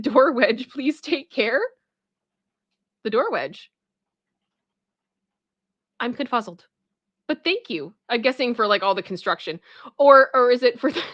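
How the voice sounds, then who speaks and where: Woman livestream host, bright and lively, chatting with viewers. Dry, slightly dull audio. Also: fairly high pitch, no echo. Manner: animated, retells a sketch with character voices. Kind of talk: casual livestream chat.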